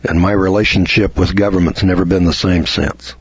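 A man's voice: low-pitched, steady tone, brisk, husky, no room sound, lo-fi sound. A middle-aged man, hosting a radio lecture, who talks in a folksy way and asks lots of rhetorical questions.

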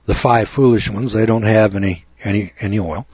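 Husky-voiced radio talk guy rambling and preaching at listeners, dull lo-fi dry sound. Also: fairly low pitch, fairly quick, a little mellow, dry recording. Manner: preachy, rambling, rising to emphatic lecturing. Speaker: radio talk show host. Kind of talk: folksy radio monologue.

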